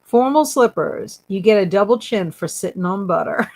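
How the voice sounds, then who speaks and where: A woman's voice: mid-range voice, expressive, moderate pace, a little mellow. A woman hosting a casual livestream, giggling often as she reads viewer comments aloud and teases her chat. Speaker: booktube livestream host.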